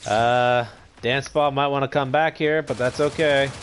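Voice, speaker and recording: A man's voice: medium pitch, fairly even intonation, a little slow, slight background noise. A man hosting a gaming channel, giving laid-back, rambling commentary while he plays and chats to viewers. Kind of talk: casual gameplay commentary.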